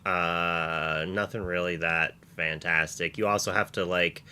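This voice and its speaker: A man reviewing cards in casual stream chat, rambling as he weighs each card. His voice is low for a man but very bright and forceful. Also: steady tone, unhurried, clear, resonant tone.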